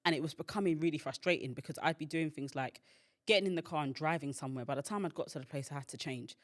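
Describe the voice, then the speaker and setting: A woman's voice: deep voice, fast talker. Chatty woman telling a personal story. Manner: chatty, filler-heavy, acts out quoted voices. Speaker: podcast host and founder.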